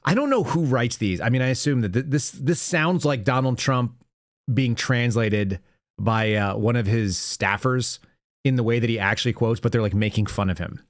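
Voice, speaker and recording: A man's voice: mid-range voice, moderate pace, no echo, studio quality. Sarcastic male host reading the news. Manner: sarcastic, wry, reading headlines aloud. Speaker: podcast host. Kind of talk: live-stream commentary.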